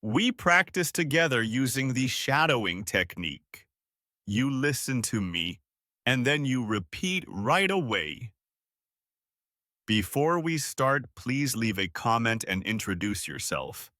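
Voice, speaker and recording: A man hosting an English lesson podcast, speaking slowly and clearly in a scripted, encouraging repeat-after-me style. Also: mid-range voice, very animated, pushed and bright, dry recording, studio quality. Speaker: English teacher and podcast host.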